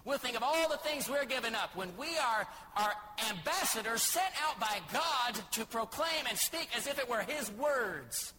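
A man's voice: very high voice, animated, normal speed, few pauses, pushed and bright, soft background music, rough recording. A man from Texas, a missionary preacher, giving a dramatic sermon and acting out the people in the Bible story. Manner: dramatic, acts out biblical speakers.

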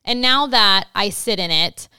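A woman in her thirties co-hosts a casual podcast, talking frankly about family life. Her voice is bright and smooth, recorded dry and close. She talks in a chatty, candid way. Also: mid-range voice, lively intonation, measured pace, dry recording. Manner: chatty, candid parenting talk. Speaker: podcast co-host. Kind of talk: casual chat.

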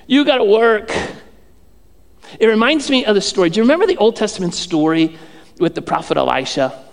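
A male pastor delivers a conversational sermon in a fairly high voice. He repeats phrases and slips in humorous asides. His words carry a long reverb from the church hall. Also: very animated, fast talker, creaky. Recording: echoey hall.

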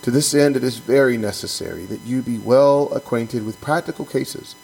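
A man's voice: medium pitch, moderate pace, creaky, darkish tone, slightly rough, soft background music, rough recording. A man who is a pastor co-hosting a podcast, reading from a book and then talking it over in an earnest, emphatic way, often restarting and repeating words.

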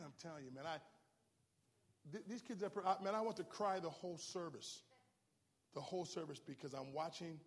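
A man preaching to a church congregation, his voice sitting a little high. He is impassioned and swings from hushed, close talk to loud, rising shouts. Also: brisk, pauses often, breathy edge, big-room sound. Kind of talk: sermon.

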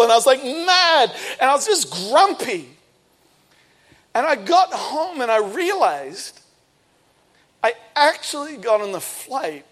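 A man in his thirties, a pastor preaching a sermon and telling a personal story with lively bursts of speed and emphasis. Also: sits high.

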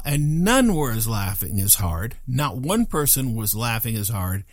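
Lively older man telling a story. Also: mid-range voice, measured pace, few pauses, dry recording, clean studio sound. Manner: animated, self-deprecating, chuckling asides. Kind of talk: personal storytelling.

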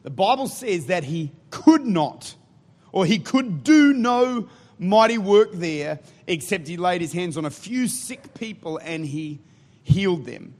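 A man's voice: high-pitched, sing-song, unhurried. A man preaching a sermon in a church, rousing the congregation with energy. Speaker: guest preacher.

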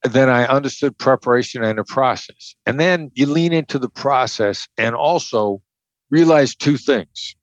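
With a mid-range voice at a normal speed, an older Midwestern man describes his past techniques as a hostage negotiator during an interview. The audio is dull and carries no room sound. He speaks in a blunt, emphatic, conversational way and keeps repeating what matters most.

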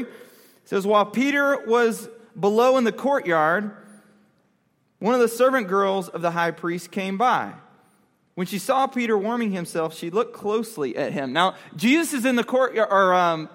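In a long, reverberant hall, a man with a high-pitched, slightly bright voice preaches a casual youth sermon. As a youth pastor, he keeps it conversational and questions the audience directly.

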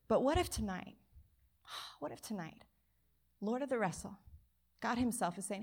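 A woman pastor preaching a sermon at a church service, telling a childhood story with lively acted-out quotes. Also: fairly high pitch, moderate pace, long pauses.

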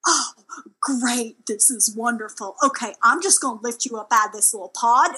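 A woman improvising a comedy scene as a crew translator, rambling and excitable in her storytelling. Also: fairly high pitch, moderate pace, slightly rough, poor audio.

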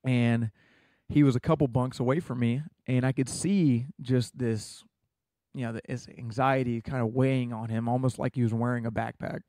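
A man's voice: mid-range voice, steady tone, normal speed, dark tone, no room sound, clean studio sound. A young American man in a casual interview, earnestly telling a personal story with many fillers. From United States. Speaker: guest.

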